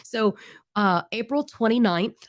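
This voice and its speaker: A woman's voice: fairly high pitch, a little slow, dry recording, studio quality. A woman in her thirties co-hosting a band podcast in a chatty, rambling, friendly way. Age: 30s. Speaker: band singer and podcast co-host. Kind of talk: casual podcast chat.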